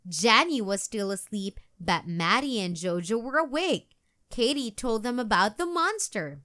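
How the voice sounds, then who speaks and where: Children's read-aloud narrator, woman; gentle, expressive, lively melody. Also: a little high, measured pace. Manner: gentle, expressive, sing-song. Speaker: children's book reader.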